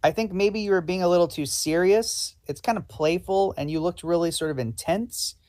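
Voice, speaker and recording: A man's voice: high voice, normal speed, darkish tone. Man hosting a live improv show. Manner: polite, hesitant with many ums. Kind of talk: hosting live improv, playing a casting director.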